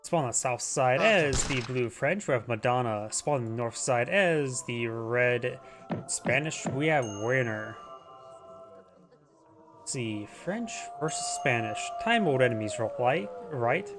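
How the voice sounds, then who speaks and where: A man's voice: medium pitch, lively intonation, measured pace, over music. A man casually commentating a strategy game replay, rambling and tripping over unit names.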